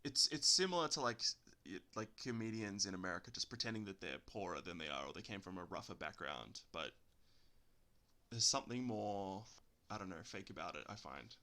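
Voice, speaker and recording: Laid-back Australian podcast host, bright tone. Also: male voice, deep voice, lively intonation, fairly quick. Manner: laughs often, rambling asides. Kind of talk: casual podcast chat.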